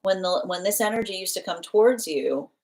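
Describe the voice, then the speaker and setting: A woman's voice: mid-range voice, lively intonation, a little fast, darkish tone. A woman giving a live tarot reading, talking in loose, rambling run-ons full of fillers and restarts, acting out what others might say. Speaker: tarot reader.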